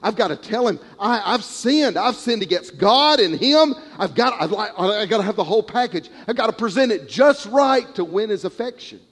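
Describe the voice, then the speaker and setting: A starving young runaway pleads and rehearses his apology, as a preacher puts him on, his voice climbing high and urgent. His words trail into a long, echoing reverb of a large hall. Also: expressive, moderate pace, hardly any pauses, fairly bright tone, breathy edge, exaggerated voice. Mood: scheming. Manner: pleading, breathless, rehearsing a plan aloud. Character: starving desperate young man, scheming to return home.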